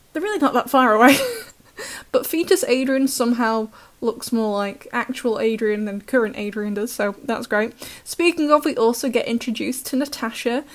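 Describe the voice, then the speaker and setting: A British woman recapping a cartoon episode in chatty, sarcastic commentary, laughing often. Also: fairly high pitch. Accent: British English. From Britain.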